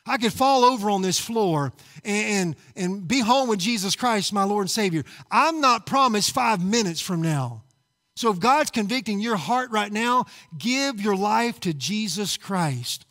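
A man's voice: high-pitched, lively intonation, unhurried, a bit bright. A man preaching a sermon at a church service, fervent and urgent, repeating his calls and stumbling over words when worked up. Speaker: pastor.

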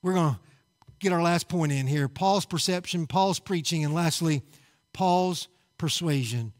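A man's voice: on the high side, a little slow. A man preaching a sermon at a church service, fervent and urgent, repeating his calls and stumbling over words when worked up. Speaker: pastor.

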